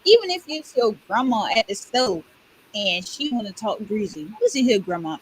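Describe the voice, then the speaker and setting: Blunt, animated young woman from Orlando. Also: a little high, moderate pace, a little hiss or hum, low-quality recording. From Orlando, Florida. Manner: blunt, animated storytelling with profanity. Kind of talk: casual chat.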